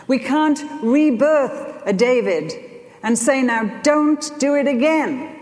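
An older woman preaching a sermon, telling stories in an animated way that swings between loud and soft. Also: mid-range voice. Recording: long hall reverb.

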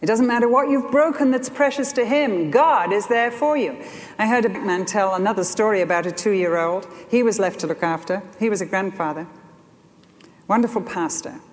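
A woman's voice: medium pitch, normal speed. Older woman preaching in a hall. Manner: animated storytelling, swings between loud and soft. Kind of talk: sermon. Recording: long hall reverb.

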